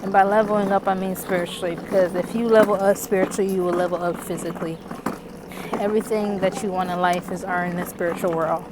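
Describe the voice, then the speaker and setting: A woman's voice: on the low side, steady tone, quick pace, background noise. A woman vlogger talking casually and earnestly to camera, out of breath, calling the viewer sis and girl. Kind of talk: casual faith talk to camera.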